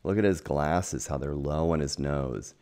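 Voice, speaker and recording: A man reading a children's picture book aloud at home, gentle and unhurried, pausing to point out the pictures. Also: rumbling low. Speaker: storytime reader. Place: at home with a dog.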